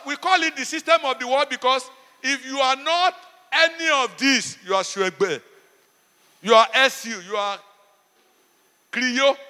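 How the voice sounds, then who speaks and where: Nigerian pastor guy preaching, high bright voice, big echoey hall. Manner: preaching with repeated "Praise God" and storytelling. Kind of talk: sermon.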